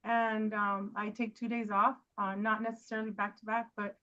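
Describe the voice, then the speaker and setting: A woman's voice: medium pitch, little pitch movement, normal speed, bright, forceful tone, muffled recording. A woman hosting a casual chat who rambles and talks straight to her guests. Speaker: host.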